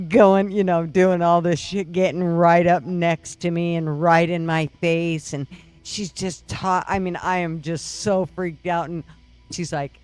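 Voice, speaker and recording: A man on a live talk show, telling a story in an animated, laughing way. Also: high voice, unhurried, clear, resonant tone, no room sound. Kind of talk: casual storytelling.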